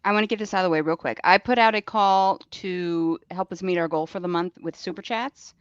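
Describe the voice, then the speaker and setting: A podcast co-host chatting casually, giving quick, matter-of-fact asides. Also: medium pitch, clear, resonant tone, dry recording, dull audio. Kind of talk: casual chat.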